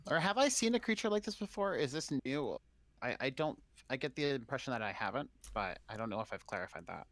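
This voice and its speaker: A man's voice: mid-range voice, a bit bright, dry recording. A man speaking in character in a tabletop game, hesitant and rambling. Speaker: player.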